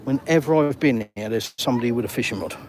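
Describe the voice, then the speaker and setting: A man's voice: medium pitch, quick pace, darkish tone. Chatty retired Englishman on a walk. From England. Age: older. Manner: chatty, reads viewer comments aloud, matey. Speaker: vlogger. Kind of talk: live-streamed walk and talk. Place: outdoors by water in a town. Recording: outdoor traffic noise.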